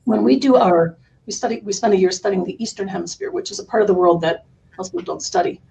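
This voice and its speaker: A middle-aged woman talking earnestly about books as a podcast guest, animated and laughing often. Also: mid-range voice, fast, vocal fry, slight background noise, poor audio. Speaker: curriculum company founder, guest. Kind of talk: conversational interview.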